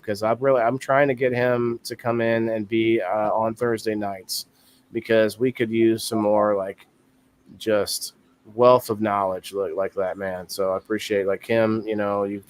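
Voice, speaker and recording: A man in his thirties hosting a live-stream talk show in casual chat, rambling and thinking aloud with easy laughs. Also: lowish voice.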